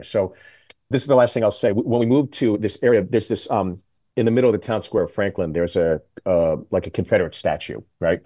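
This middle-aged talk radio guest spins comic tales at a fast clip, his ordinary-pitched voice carrying a mellow, dark tone. Chatting casually, he throws himself into quoted voices with lively energy.

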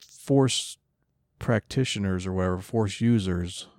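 A man with a fairly low voice co-hosting a podcast, recorded close and dry. He rambles in a laid-back way and laughs mid-sentence. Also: unhurried, darkish tone, dry recording. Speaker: podcast co-host. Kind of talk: casual podcast banter.

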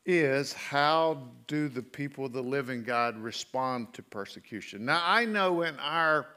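A middle-aged male pastor preaching a sermon, folksy and animated as he tells stories. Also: mid-range voice, measured pace, smooth. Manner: folksy storytelling with animated asides.

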